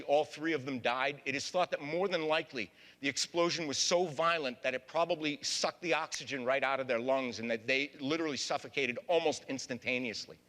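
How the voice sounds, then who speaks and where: A man's voice: a little high, a bit bright. Folksy lecturing man in a reverberant hall. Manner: folksy, keeps addressing the audience as folks. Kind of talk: public history talk.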